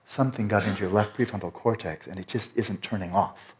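A man teaching a Buddhist Dharma talk, explaining slowly and lingering over Tibetan and Sanskrit terms. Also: on the low side. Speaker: meditation teacher.

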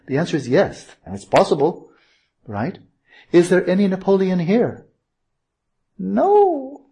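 A man's voice: medium pitch, a little mellow, husky. A man giving an informal Buddhist teaching, digressive and self-correcting, posing rhetorical questions to his listeners. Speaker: meditation teacher.

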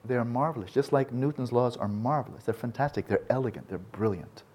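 A man's voice: medium pitch, brisk, darkish tone, breathy edge. A man giving an informal, digressive lecture, often restarting his sentences and talking with enthusiasm. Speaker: speaker on Buddhism and science.

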